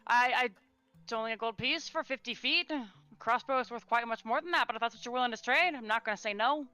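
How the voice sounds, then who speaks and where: A woman's voice: a little high, quick pace, sharp tone, clean tone, dry recording, pitched above the performer's own voice. A woman voicing a kindly older female shopkeeper who calls people honey and hun. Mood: friendly.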